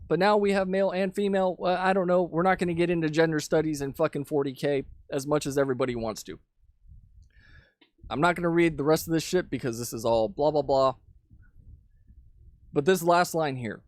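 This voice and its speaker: High-voiced man ranting indignantly. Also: brisk, darkish tone, no echo, studio quality. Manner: profane, indignant, sarcastic. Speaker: commentary channel host. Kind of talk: ranting commentary. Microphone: studio mic with pop filter.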